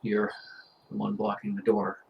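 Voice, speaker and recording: A man as game master, narrating a tabletop role-playing scene in a grave, unhurried second-person storytelling manner. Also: on the low side, completely flat delivery, gravelly, lo-fi sound, slight background noise.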